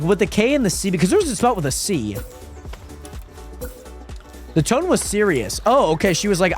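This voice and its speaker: A man streaming a game live, chatting casually with viewers and reading their messages aloud, often repeating himself. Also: high-pitched. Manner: chatty, reads chat aloud, trails off and repeats words. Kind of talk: casual live-stream chat while gaming.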